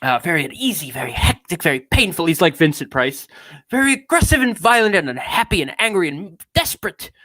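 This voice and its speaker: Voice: mid-range voice, big pitch swings, fairly quick, sharp tone, no echo. A streamer putting on an affected British accent to read out an anguished man's confession with theatrical grandeur. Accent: put-on British. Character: grandiose anguished man reading his own confession. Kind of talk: dramatic reading of a text.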